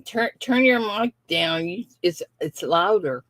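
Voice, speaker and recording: An older woman hosts a casual livestream from her desk, her pitch swinging up and down as she chats. She talks in a friendly, bustling way, laughing often and fussing with her settings. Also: animated, takes it slowly, a crowd in the background. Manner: chatty, laughing, fussing with tech. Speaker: livestream host.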